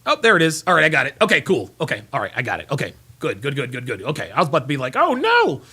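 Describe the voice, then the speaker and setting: His mid-range voice is sing-song, rapid-fire, husky, pushed and bright as this livestream host works through super chats. Tired and yawning, he rambles repetitively while fumbling for files.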